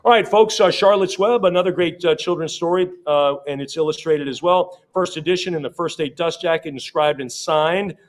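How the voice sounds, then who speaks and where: Guy auctioneer running a live sale, kinda high voice, rattles off bids then chats about the books. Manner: rapid repetitive bid calling with chatty asides.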